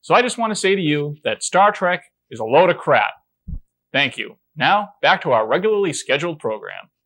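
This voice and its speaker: A man's voice: on the high side, big pitch swings, normal speed, a bit bright. A man, the show's producer and host, delivering an indignant, sarcastic comedic rant to camera.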